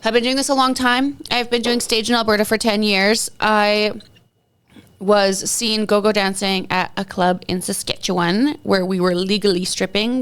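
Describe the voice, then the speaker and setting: A woman in her thirties talks casually on her solo podcast, wandering from one topic to the next. Her voice is smooth and clear, pitched in a middle range, and she keeps undercutting herself with wry jokes. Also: a bit bright. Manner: chatty and rambling, jumps between topics with self-mocking jokes. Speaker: podcast host.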